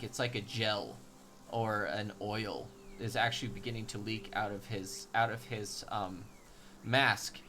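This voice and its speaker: A man's voice: mid-range voice, fairly bright tone, slight background noise. A man narrating a tabletop game as game master, rambling and hesitant with many ums.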